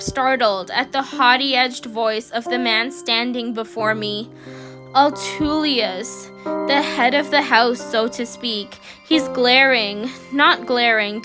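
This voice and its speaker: A high-voiced woman tells a first-person story in a soft, halting inner monologue, working through her thoughts. Music plays clearly behind her the whole time.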